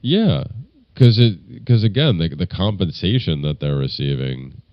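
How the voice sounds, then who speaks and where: Very deep-voiced argumentative man. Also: expressive, unhurried, no room sound, lo-fi sound. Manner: loud, argumentative. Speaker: podcast co-host. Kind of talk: casual political chat.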